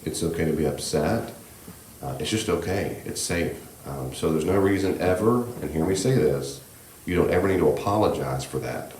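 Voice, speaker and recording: Very deep-voiced man teaching a church class. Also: lively intonation, normal speed. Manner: gentle, reassuring, conversational with frequent asides. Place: church meeting room. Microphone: handheld microphone. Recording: echoey room with faint background hiss.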